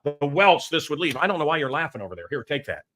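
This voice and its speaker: A middle-aged American man hosting a talk show, ranting loudly and crudely in a rambling, blustery way. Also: a little high, big pitch swings, fast, faint music behind. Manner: loud, blustery and crude, with mocking put-on voices. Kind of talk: rambling political rant.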